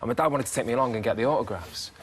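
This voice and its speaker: Guy in his thirties, quick-talking, on a talk-show sofa, lively storyteller. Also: mid-range voice, a little hiss or hum. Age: 30s. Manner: lively storyteller, chuckles as he talks. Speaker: actor guest. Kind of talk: casual talk-show interview.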